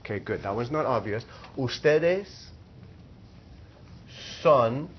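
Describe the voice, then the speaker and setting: A man teaching a Spanish class, explaining slowly and repeating phrases for the students. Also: medium pitch, expressive, dull audio, a little hiss or hum. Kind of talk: classroom lesson.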